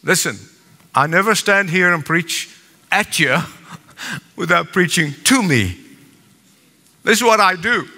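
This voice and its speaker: A man's voice: sits high, expressive, takes it slowly, pauses often, pushed and bright. An older man preaching a sermon as pastor, emphatic with repeated phrases and asides. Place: large church sanctuary. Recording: long hall reverb.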